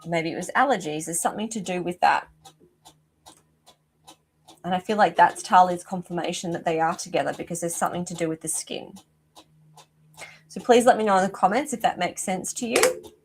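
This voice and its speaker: A woman's voice: lowish voice, brisk, pauses often, slight background noise. A middle-aged woman, hosting a live psychic reading as an animal communicator, chatting effusively and often breaking off mid-sentence. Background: rooster crowing outside.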